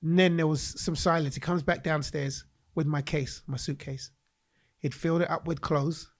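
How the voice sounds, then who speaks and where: A man from England, a guest in a podcast interview, telling a personal story in an animated way and acting out the voices he quotes. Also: a little high, moderate pace.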